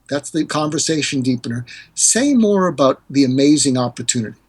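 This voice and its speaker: A man's voice: a little fast, husky. An older man, a hostage negotiator and author, explaining communication techniques in a podcast interview and acting out quoted lines. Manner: animated, acts out quoted dialogue with pitch jumps.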